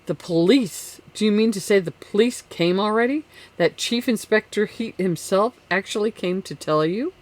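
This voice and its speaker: A reader voicing a nervous, excitable young man who asks anxious, rapid questions, in an audiobook. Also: mid-range voice, voice pushed up, lightly acted. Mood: alarmed. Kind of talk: audiobook character reading.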